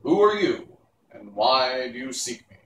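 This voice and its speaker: A man's voice: medium pitch, big pitch swings, unhurried, reverberant, distant mic, a little hiss or hum, poor audio. A man reading aloud and voicing a lovely winged lady ruler who speaks in a grand, cold, demanding way. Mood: imperious. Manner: grand, imperious.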